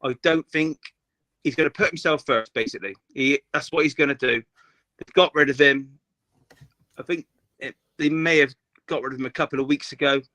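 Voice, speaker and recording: A man's voice: mid-range voice, fairly even intonation, brisk, pushed and bright, no room sound. A man, co-hosting a casual football chat, opinionated and rambling with many restarts. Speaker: podcast co-host.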